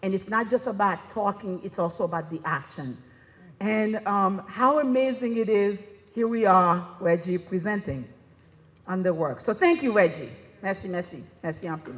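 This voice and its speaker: A woman's voice: mid-range voice, normal speed. A woman giving a conference presentation in a chatty, conversational way, often checking in with "right?". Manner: conversational, keeps asking "right?". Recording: reverberant hall.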